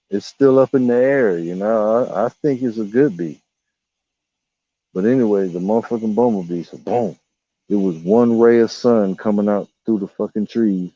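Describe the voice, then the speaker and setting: Casual male vlogger, low mellow voice, swearing through animated woodland stories, dry lo-fi sound. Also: no room sound. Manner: rambling, profane, animated storytelling, voices animals. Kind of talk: casual storytelling vlog. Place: outdoors in woods.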